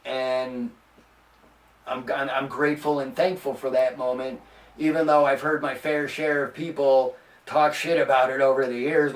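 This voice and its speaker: A man hosting a podcast, telling a rambling, profane story in a casual, animated way. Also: medium pitch, unhurried, echoey room, far from the mic. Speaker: podcast host.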